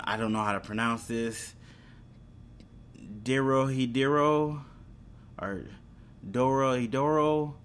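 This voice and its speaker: A man's voice: mid-range voice, fairly bright tone. A young man hosting a video, chatting casually about upcoming shows, rambling with fillers and restarts. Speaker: video host. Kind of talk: casual entertainment news chat.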